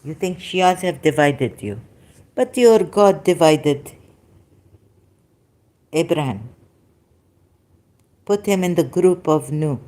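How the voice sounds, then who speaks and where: Woman, low voice, slow delivery, dramatic debater, breaks off mid-sentence to apologize. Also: lively intonation, warm tone. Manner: dramatic, self-interrupting, apologetic asides. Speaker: ex-Muslim debater. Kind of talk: heated religious debate.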